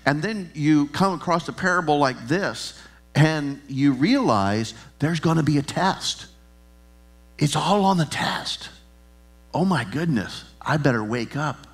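A man's voice: fairly high pitch, measured pace, faint music behind. A middle-aged man preaching a sermon, telling stories with humor and acting out the voices in them. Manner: animated storytelling, acts out dialogue. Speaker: pastor.

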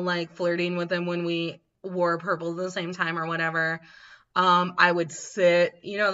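A woman's voice: lowish voice, pushed and bright, highs cut off. A woman co-hosting a podcast, telling a story casually, laughing often and acting out quotes. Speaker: podcast co-host.

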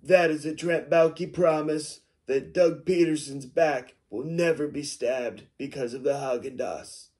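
A man putting on a raspy chain-smoking old executive. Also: on the high side, a little mellow, lightly acted. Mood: smug. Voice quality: raspy, worn throat. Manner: slow, boastful, defensive rambling. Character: raspy chain-smoking older male football executive, smug. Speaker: mock interview guest.

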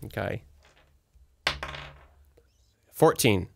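A man's voice: drawn-out words, fairly bright tone, slight background noise. Hesitant, polite male player. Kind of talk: tabletop role-play.

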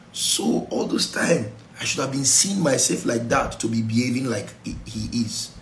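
A man's voice: mid-range voice, echoey room, slight background noise, poor audio. A Nigerian-accented male pastor teaching a Bible study sermon in an exhortative way, slipping into pidgin asides. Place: church.

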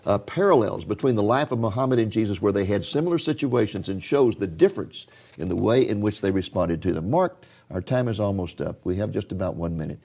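An older male host of a religious television program talks to his viewers in a folksy, preacher-like storytelling manner. His voice is low with a dark, mellow tone. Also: animated, a little fast. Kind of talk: religious TV interview.

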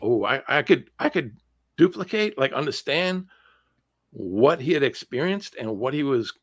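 Man, interview guest, casual storytelling, animated, restarts phrases, mid pitch, dry close sound. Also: a little slow, no room sound.

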